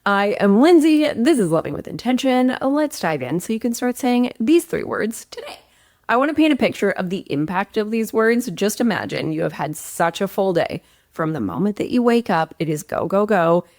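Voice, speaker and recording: A woman hosting a relationship-advice show, talking straight to her audience in an expressive, emphatic way that often swings upward. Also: medium pitch, normal speed, no room sound, studio quality. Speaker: relationship coach and host. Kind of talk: direct-to-camera relationship advice talk.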